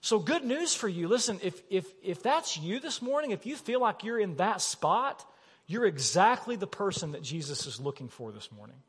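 A man preaching a sermon as pastor, animated and emphatic, asking his listeners questions. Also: high voice, normal speed, husky. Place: church sanctuary. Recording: long reverb of a church hall.

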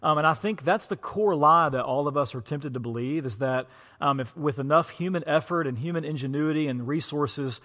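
A man's voice: on the high side, fairly quick, a bit bright. A man pastor co-preaching an online sermon in an empty church, easygoing and joking, with fillers. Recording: long reverb of an empty hall.

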